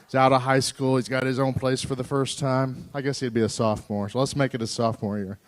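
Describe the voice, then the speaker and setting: A man's voice: mid-range voice, level tone, quick pace. A man emceeing an assembly, coaxing and teasing the crowd with joking banter.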